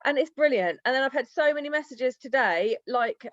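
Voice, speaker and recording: A woman's voice: sits high, a little fast, few pauses, no room sound. A woman sharing sales tips on a team video call, chatty and rambling, laughing often. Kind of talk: casual team-call talk. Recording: dry, dull lo-fi call audio.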